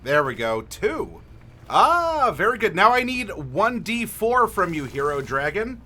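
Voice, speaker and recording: Slow, bright-voiced man running a stream. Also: high voice, big pitch swings. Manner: friendly, asks viewers for dice rolls, pauses with fillers. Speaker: game master. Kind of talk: livestream character creation, talking to chat.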